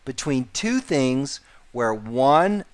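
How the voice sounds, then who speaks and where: A man's voice: medium pitch, very animated, extremely slow. A man teaching a sales course, repeating key points and stressing important words. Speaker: sales trainer. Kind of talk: instructional course narration.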